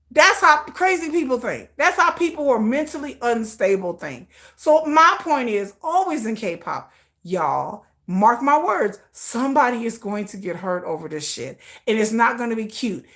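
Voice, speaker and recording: Animated, high-voiced woman ranting on a livestream. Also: moderate pace. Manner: animated, profane ranting with dramatic quoted voices. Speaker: livestream host. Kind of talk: casual livestream commentary.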